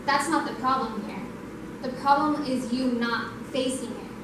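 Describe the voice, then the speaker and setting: A young woman gives a testimony sermon in a conversational way, acting out the dialogue she quotes. Her voice is high, and it sounds distant, picked up from across a very echoey hall. A faint hum of room noise sits under it. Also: fairly even intonation, normal speed. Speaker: youth night speaker.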